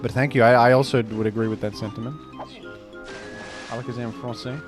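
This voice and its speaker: A man's voice: medium pitch, steady tone, very fast, faint music behind. A young man streaming a game, reading chat with dry, joking banter. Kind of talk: casual gameplay commentary.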